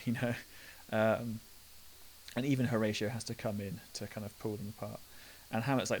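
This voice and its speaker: A man talks his students through a play, reading old lines and then recasting them in loose modern slang. His voice sits a little low. A faint hiss runs under the recording. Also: level tone, fairly quick, poor audio. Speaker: English literature teacher. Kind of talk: talking through a play line by line.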